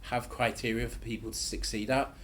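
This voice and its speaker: A man, a podcast guest answering questions in a relaxed, thoughtful way. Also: mid-range voice, fairly quick, a little hiss or hum. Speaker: guest, tech conference founder. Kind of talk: casual podcast interview.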